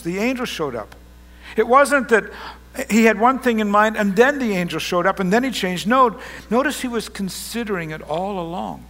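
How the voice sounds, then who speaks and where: A man's voice: high voice, a bit bright. A middle-aged man preaching a sermon as pastor, earnest and rising to emphatic bursts.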